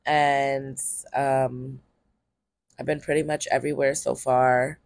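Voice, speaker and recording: Extremely low-pitched and gravelly, with a darkish tone, little pitch movement, and a slow pace, this woman's voice has no room sound. She's a Harrisburg, Pennsylvania, US comedian delivering a rambling, candid solo podcast monologue full of ums and casual swearing.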